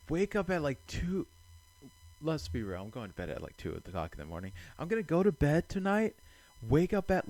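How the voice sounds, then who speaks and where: Young male gamer, mid-pitched, casual commentary, self-mocking, shifting between muttering and loud outbursts. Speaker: gaming channel host. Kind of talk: casual let's-play commentary.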